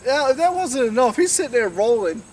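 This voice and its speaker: Young man, drunk and rambling, profane; high voice, distant mic. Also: very animated, brisk, a little mellow. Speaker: storyteller. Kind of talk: casual storytelling to camera. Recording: distant mic, faint noise.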